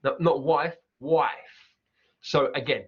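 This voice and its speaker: Man breaking down pronunciation. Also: on the high side. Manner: repeats words slowly to demonstrate. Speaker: accent teacher. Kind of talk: explaining pronunciation over clips. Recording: dull lo-fi sound.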